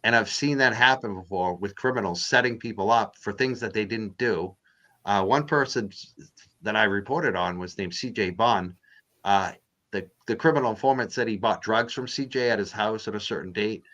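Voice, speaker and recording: A man's voice: lowish voice, normal speed, a bit bright, dull audio. A man with a Boston accent, a guest on a casual show, who talks bluntly and swears freely. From Massachusetts. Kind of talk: casual interview talk.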